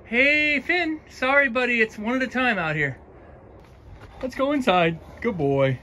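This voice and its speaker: A man's voice: high voice, big pitch swings, moderate pace, sharp tone, a little hiss or hum. A man hosting a dog vlog at home, chatting fondly and repeating commands to his dogs in the yard and house. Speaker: dog channel host. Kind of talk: casual vlog talk.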